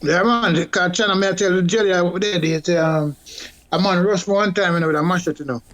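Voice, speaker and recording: A Jamaican man sharing memories in a casual chat. He often stops and restarts mid-sentence. His voice sits fairly high for a man. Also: a bit bright. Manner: halting, many restarts.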